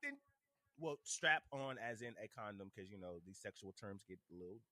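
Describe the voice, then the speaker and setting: A man co-hosting a podcast, chatting casually in an animated, joking, rambling way. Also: on the low side, moderate pace. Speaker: podcast co-host.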